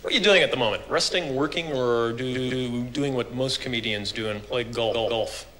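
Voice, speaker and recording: A man's voice: medium pitch, normal speed, natural voice. A man playing a smug, stuttering computer-generated male TV host who talks in flippant puns and glitchy repeats. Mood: teasing. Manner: cheeky, flippant, punning. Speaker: talk show host. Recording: noisy 1980s TV broadcast.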